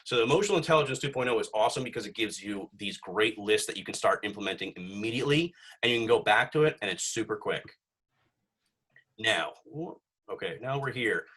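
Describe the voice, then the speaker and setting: Rambling along with plenty of fillers and curse words, a young man hosts a podcast in a casual, chatty way. His voice sits fairly low and sounds husky and fairly bright, moving fairly quickly and expressively.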